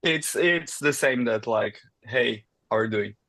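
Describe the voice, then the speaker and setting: Male participant, unhurried, close dry audio. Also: medium pitch, bright, forceful tone, no room sound. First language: Portuguese. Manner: hesitant, laughing. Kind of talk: casual group video call.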